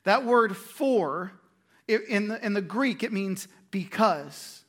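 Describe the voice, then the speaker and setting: A man preaching a sermon in a conversational way, with quick asides and restarts. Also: high-pitched, lively intonation, fairly bright tone. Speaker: pastor.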